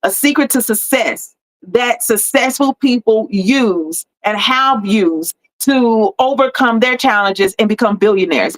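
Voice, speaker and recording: A woman hosting a motivational live talk with faith-forward encouragement, preaching and repeating key lines for emphasis. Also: medium pitch. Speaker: host and life coach.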